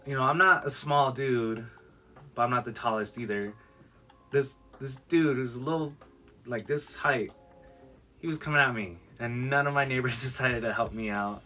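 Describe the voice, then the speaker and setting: A man vlogger telling a personal story in a casual storytime video, acting out what people said. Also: on the low side. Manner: animated storyteller who acts out quoted lines. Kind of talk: storytime vlog.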